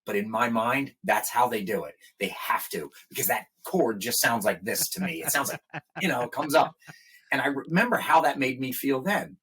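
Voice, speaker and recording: A man's voice: mid-range voice, moderate pace, breathy edge. A middle-aged man, a guest musician, telling casual stories on a podcast and animatedly acting out the people in them. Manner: animated, acts out quoted people in a raised voice. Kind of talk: casual storytelling in a podcast interview.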